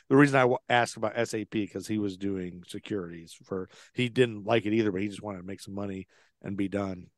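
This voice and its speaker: A man's voice: lowish voice, dry recording. Podcast host guy, chatty, lots of questions, dry close sound. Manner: chatty questioner, laughs often. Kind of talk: casual interview chat.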